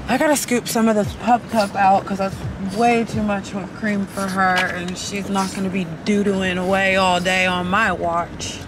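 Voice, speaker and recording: Young woman vlogger, casual chat, blunt and swearing, tired, slightly hoarse, faint background noise. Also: medium pitch, level tone, moderate pace, few pauses. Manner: chatty, blunt, swears freely. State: losing her voice, tired.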